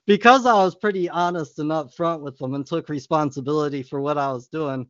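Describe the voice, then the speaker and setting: A man's voice: fairly high pitch, a bit bright, no echo, lo-fi sound. A man telling a story from his school days in casual podcast chat, often laughing and acting out what others said. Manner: laughs often while telling stories, acts out quotes. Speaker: podcast co-host.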